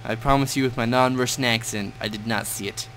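A young man casually commentating a shooter game, swearing and shouting at enemies as he plays. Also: mid-range voice, fairly even intonation, fairly quick. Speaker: gameplay commentator. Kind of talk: casual gaming chat. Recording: game audio behind with clear gunfire noise.

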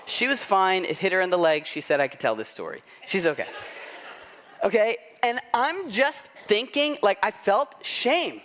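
A man's voice: high-pitched, animated, moderate pace, fairly bright tone, slight background noise. A middle-aged man preaching a sermon, telling a self-deprecating story in a loose conversational way, often asking "right?". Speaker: pastor.

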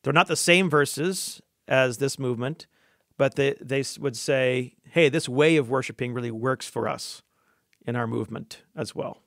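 A man's voice: medium pitch, moderate pace, fairly bright tone, no room sound, clean studio sound. Curious, hesitant male interviewer. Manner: hesitant, curious, many fillers. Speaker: host. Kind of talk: interview questions.

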